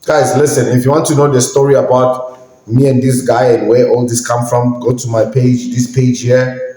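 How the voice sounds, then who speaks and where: A man's voice: mid-range voice, little pitch movement, moderate pace, dark tone. A man hosting a podcast, giving an indignant, emphatic ranting commentary and sometimes searching for words. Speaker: podcast host. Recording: very echoey room.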